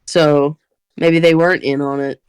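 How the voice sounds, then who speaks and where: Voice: mid-range voice, little pitch movement, unhurried, clean tone, no echo. Player making dry jokey asides. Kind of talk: casual tabletop game chat.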